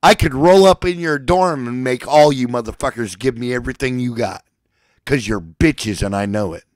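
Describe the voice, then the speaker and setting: A man delivering a furious, profane rant, shouting at times and at others dropping to a low seething threat. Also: normal speed, no room sound, poor audio. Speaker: ranting speaker.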